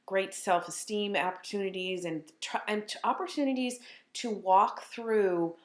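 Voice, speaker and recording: A woman play therapist giving earnest, animated advice to parents in a casual chat. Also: mid-range voice, measured pace. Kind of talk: informal parenting talk. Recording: echoey room.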